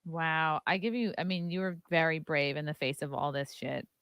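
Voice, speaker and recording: A woman's voice: low voice, normal speed, fairly bright tone, clean tone, no room sound, clean studio sound. A woman podcast host interviewing a guest, reacting bluntly and swearing casually.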